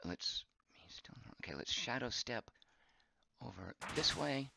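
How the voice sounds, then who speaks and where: A man streaming a game live, chatting as he plays, reading viewer comments aloud and thinking out loud, his voice getting hoarse. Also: medium pitch, lively intonation, measured pace, whispered. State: voice going hoarse.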